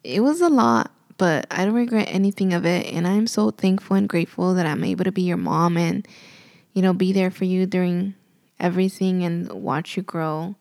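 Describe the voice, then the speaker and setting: A woman's voice: on the low side, expressive, moderate pace, a little mellow, dry recording, studio quality. A young woman and new mother telling a personal story in a casual, emotional way, full of "like" and "you know".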